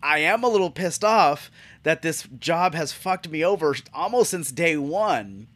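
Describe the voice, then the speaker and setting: A man's voice: on the high side, animated, measured pace, fairly bright tone, dry recording. A man hosting a podcast, telling a profane, exasperated comic story about his job in a casual monologue. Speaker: podcast host.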